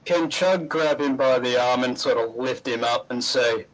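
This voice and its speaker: A man's voice: mid-range voice, normal speed, far from the mic, low-quality recording. A man playing a tabletop game, describing his character's actions in short turns. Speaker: player. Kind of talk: casual tabletop play.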